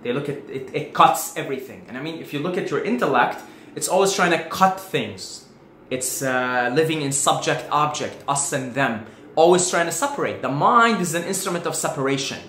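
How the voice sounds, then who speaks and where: A man's voice: fairly high pitch, lively intonation, normal speed, pushed and bright. A man talking casually to his viewers from home as a spiritual video host, acting out his own panic as he tells a story. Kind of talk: casual spoken monologue. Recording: echoey room, faint background hiss.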